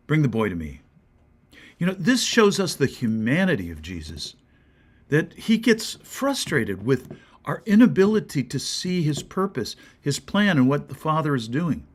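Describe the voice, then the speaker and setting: A man with an American accent, a pastor giving a short devotional sermon, earnest and questioning, sometimes dropping to a soft whisper. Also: mid-range voice, sing-song, a little slow, breathy edge.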